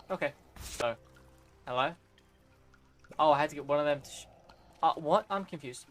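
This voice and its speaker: An excitable man commentates his own gameplay, his high voice leaping up and down as he talks to the screen. His tone is bright and forceful, and a faint hiss sits under the recording. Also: moderate pace, pauses often. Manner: excitable, talks to the game, yelps and groans. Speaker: streamer. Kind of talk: game stream commentary.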